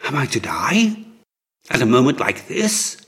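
A man voices a dying young prince whose pleas falter and climb a little higher than a plain reading. The lines come slowly and carefully, with anxious urgency under them. It is an unhurried audiobook-style character reading. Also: huge pitch swings, a bit bright, breathy edge, exaggerated voice. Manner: pleading, faltering.

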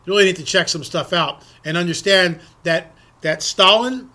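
At a normal speed, a middle-aged political commentator delivers an opinionated monologue. His high voice comes across pushed and bright, and he hammers his points home emphatically by repeating words.

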